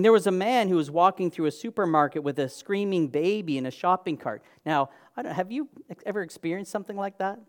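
A man delivering a sermon in an earnest, emphatic way, stacking phrases into lists and lifting his voice for stress. He sometimes pauses with fillers and restarts a phrase. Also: sits high, animated. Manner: occasional fillers and restarts, clears throat. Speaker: preacher.

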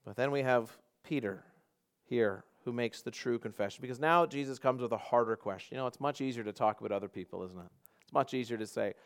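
A male pastor preaching a sermon, emphatic, swinging from loud passages to quiet ones, often repeating and restarting words. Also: mid-range voice, fast, smooth.

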